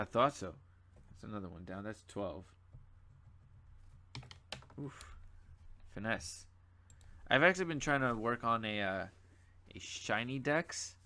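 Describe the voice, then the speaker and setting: A man's voice: lowish voice, sharp tone. Sleepy, rambling young man gaming. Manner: rambling and chatty, with many fillers and asides. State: sleepy and yawning. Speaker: gaming channel host. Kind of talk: casual gameplay commentary.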